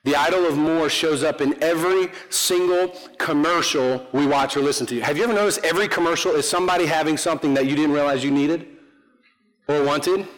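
A man's voice: a little high, brisk. A man preaching a conversational sermon as pastor, joking about himself and throwing questions to the congregation. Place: church sanctuary. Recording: long hall reverb.

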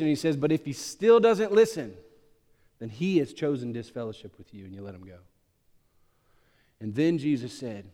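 A male pastor preaching a sermon, swinging from loud, emphatic peaks to hushed, low asides. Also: in a large hall.

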